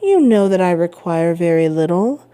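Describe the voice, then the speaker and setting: A woman voicing a frail, gentle old man who is a self-sacrificing father, speaking softly in a storybook reading. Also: on the low side, expressive, moderate pace, clear, resonant tone, natural voice. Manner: gentle, soothing.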